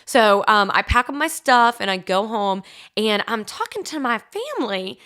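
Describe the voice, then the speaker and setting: Young woman, podcast host, bright voice, chatty and confessional, laughs through her stories. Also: fairly high pitch, big pitch swings, normal speed. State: congested. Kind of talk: casual solo podcast storytelling.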